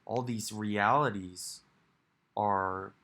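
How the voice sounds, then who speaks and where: A man's voice: on the low side, steady tone, extremely slow, pushed and bright. A man giving a rambling, reflective monologue for his video, musing aloud with sighs and restarts. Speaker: video creator.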